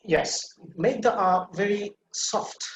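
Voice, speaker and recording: A man teaching English pronunciation in an online class, patiently repeating words slowly so a student can copy them. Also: high-pitched. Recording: echoey room with faint noise.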